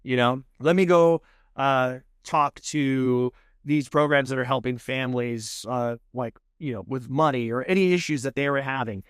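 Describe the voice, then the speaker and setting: A man in his thirties with a Texan accent, a podcast guest telling his story in a casual, animated way and acting out the people he quotes. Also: mid-range voice, normal speed, clear, resonant tone, dry recording, studio quality. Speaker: podcast guest, food show host. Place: podcast studio.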